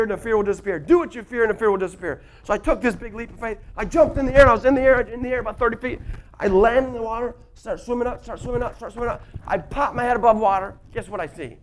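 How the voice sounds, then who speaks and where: High-voiced motivational speaker. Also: male voice, fairly bright tone. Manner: storytelling, questions the audience. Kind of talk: motivational workshop talk. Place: workshop in front of a live audience.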